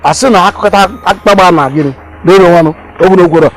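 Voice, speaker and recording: A man's voice: high-pitched, fast talker, faint music behind, natural voice. An actor playing an exasperated father complaining about his lazy son, with a Nigerian accent. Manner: complaining, mocking.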